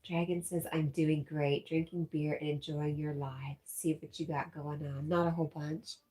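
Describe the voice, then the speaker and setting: A woman's voice: low voice, little pitch movement, normal speed, dark tone. A woman hosting a casual livestream, reading out viewer comments and laughing often. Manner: giggly, reads out chat messages. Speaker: livestream host.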